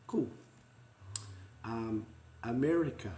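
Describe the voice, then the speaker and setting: A man's voice: on the low side, measured pace, warm tone, roomy sound. A man with a New Zealand accent teaching pronunciation in an online lesson, patiently repeating each word for learners to say after him. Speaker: language teacher.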